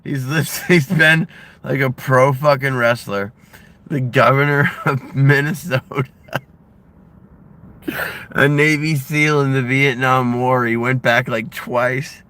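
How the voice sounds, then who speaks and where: Excitable, giggly man chatting. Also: mid-range voice, slow pace. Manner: excitable, laughs often, swears casually. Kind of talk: casual chat.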